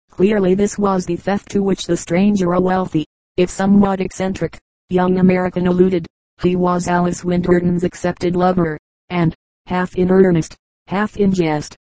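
Woman, audiobook narrator, low pitch, flat even delivery, mellow tone, dry close sound. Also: no echo, rough recording. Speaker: audiobook reader. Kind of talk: scripted narration.

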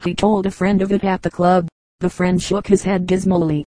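A woman narrating humorous anecdotes for an audiobook in an even, measured way. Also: on the low side, dry recording, rough recording. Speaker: audiobook reader.

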